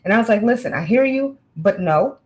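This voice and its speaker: A woman in casual chat, telling a candid personal story with animated, frank delivery. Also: fairly high pitch, fairly quick, poor audio.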